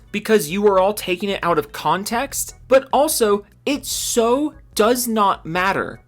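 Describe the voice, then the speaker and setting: Young man from Seattle, raised-pitch voice, ranting gamer YouTuber, sarcastic and profane, with sudden yelps. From Seattle, USA. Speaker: gaming YouTuber. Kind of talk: ranting commentary and reading out supporter names.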